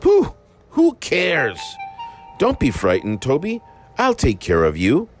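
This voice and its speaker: A man's voice: on the high side, wildly swooping pitch, slow, voice pushed up, heavily acted. A man voicing a boastful, flustered male tank engine that stammers when caught out, in a storybook tale. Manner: stammering, bluffing. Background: background music.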